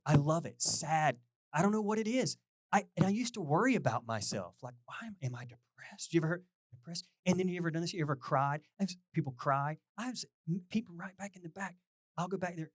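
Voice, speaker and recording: A man's voice: medium pitch, no echo, clean studio sound. A man preaching a sermon as pastor in a loose, chatty way, full of jokes and questions to the congregation. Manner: animated, jokey, asks the crowd questions, sings bits. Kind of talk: conversational sermon.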